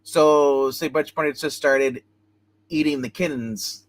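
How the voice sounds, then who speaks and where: A man's voice: on the high side, steady tone, measured pace. Rambling man retelling a comic plot. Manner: rambling plot retelling with many restarts and "he's like". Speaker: comic book reviewer, show host. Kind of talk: casual livestream review.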